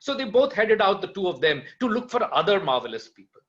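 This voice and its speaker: A man telling a folk tale aloud in an animated way, with playful asides to his listeners. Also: high voice, fast talker. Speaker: storyteller. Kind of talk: oral folk-tale storytelling. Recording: dull lo-fi recording.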